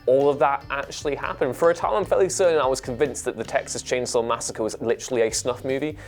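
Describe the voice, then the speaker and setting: A young man with a British accent recounts childhood beliefs in a brisk, casual chat. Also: mid-range voice, faint music behind. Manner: brisk, conversational storytelling. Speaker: show panelist.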